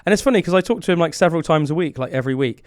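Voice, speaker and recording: A man talks in a quick, rambling way, piling up fillers as he tells stories on a podcast. His voice sits a little high for a man. The sound is close and dry, with no room behind it. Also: lively intonation, no echo. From Britain. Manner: rambling, chatty storyteller with many fillers. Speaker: podcast host. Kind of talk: casual chat.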